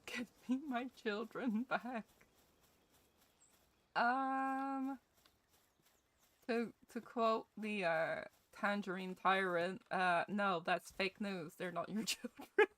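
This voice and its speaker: A woman's voice: mid-range voice, fairly even intonation, slow, a bit bright, no room sound. A young Scottish woman streaming a game, joking and swearing as she chats with her viewers. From Scotland. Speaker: gaming streamer. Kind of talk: casual game commentary with chat.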